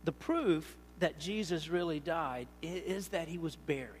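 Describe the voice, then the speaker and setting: A man preaching a sermon, animated and storytelling, acting out little scenes in different voices. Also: fairly high pitch, a little slow, long reverb tail, slight background noise. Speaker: pastor.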